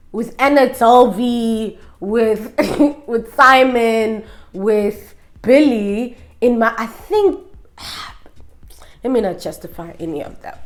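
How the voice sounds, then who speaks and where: Sassy, emphatic woman vlogger. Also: fairly high pitch. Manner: sassy, emphatic, rhetorical questions. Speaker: vlogger reviewing documentaries. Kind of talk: opinionated casual review.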